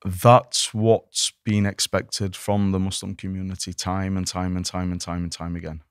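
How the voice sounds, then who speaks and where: A man's voice: low voice, moderate pace, clean tone, no room sound, clean studio sound. A man, an imam, speaking earnestly as a podcast guest, often repeating words as he restarts his sentences. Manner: animated, many repeated restarts. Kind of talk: earnest conversational discussion.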